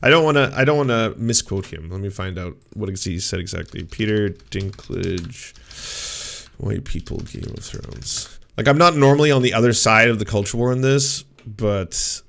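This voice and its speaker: A man's voice: fairly low pitch, expressive, moderate pace, gravelly, fairly bright tone. A man talking casually as a streamer, commenting sarcastically on what he reads aloud, swearing and mocking it.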